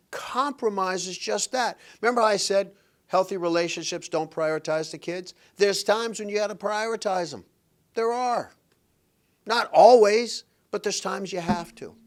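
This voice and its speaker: A middle-aged man hosting a podcast, giving relationship advice in an emphatic, blunt, preachy motivational monologue. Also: a little high. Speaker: podcast host and relationship coach.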